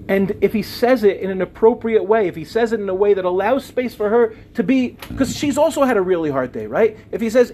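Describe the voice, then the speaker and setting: High-voiced man telling a relationship story. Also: lively intonation, a little fast, a little hiss or hum. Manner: storytelling, acts out quoted dialogue in softer voices. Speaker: speaker on relationships. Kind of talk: talk to a live audience.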